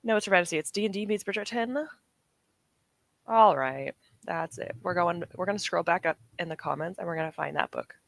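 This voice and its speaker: A young woman from the UK, her voice lowish and a little fast with vocal fry, chats casually with her stream. She reads chat comments, rambles, laughs often and corrects herself.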